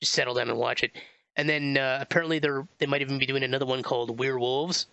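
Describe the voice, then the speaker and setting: A man with a bright, fairly high voice talks through a movie plot in a loose, rambling podcast chat. The recording is dry and a little dull, like a lo-fi home setup. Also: steady tone, quick pace, gravelly, clean tone, dry recording. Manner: rambling, stumbles over names, laughs often. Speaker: podcast co-host. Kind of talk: casual movie review chat.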